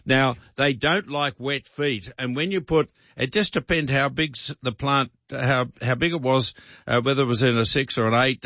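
Croaky Australian radio garden host. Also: male voice, mid-range voice, a bit bright, no room sound, muffled recording. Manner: rambling, many restarts and fillers. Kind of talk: talkback radio advice.

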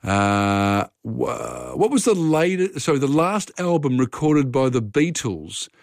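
A man's voice: mid-range voice, sing-song, slow pace, no echo. Guy hosting a radio quiz, chatty, dry close studio sound. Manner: chatty, talks contestants through questions. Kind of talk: casual radio quiz chat.

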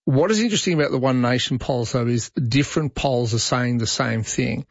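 Man, Australian accent, radio host, brisk, opinionated, dry dull studio sound. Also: mid-range voice, vocal fry, breathy edge, no echo. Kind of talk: talkback radio.

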